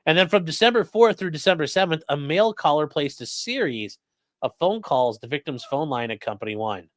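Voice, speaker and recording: A man's voice: fairly high pitch, fairly bright tone, no room sound. A man hosting a true crime livestream, reading court papers aloud with sarcastic, profane asides. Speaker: host.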